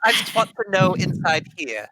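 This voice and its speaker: A man's voice: high voice, sing-song, normal speed, pushed and bright, no echo, rough recording. A man playing a tabletop game, asking playful, joking questions. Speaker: player. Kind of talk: casual tabletop game play.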